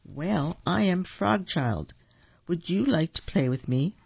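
A man reading a folk tale aloud, voicing a cheerful, eager young frog in a raised, brighter voice, on a dull, dry recording. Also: fairly high pitch, expressive, slow pace, vocal fry, slightly rough, no echo, heavily acted. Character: friendly young frog child.

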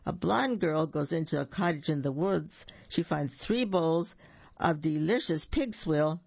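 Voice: medium pitch, lively intonation, a little slow, vocal fry, dry recording, dull audio. Narrator doing a fussy grumbling little pig. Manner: fussy and muttering.

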